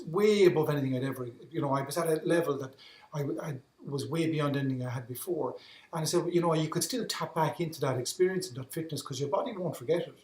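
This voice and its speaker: An Irish man telling his story as a podcast guest, earnest, often repeating words as he restarts his sentences. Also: a little high. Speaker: guest, endurance athlete. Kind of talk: reflective storytelling in conversation. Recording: roomy echo.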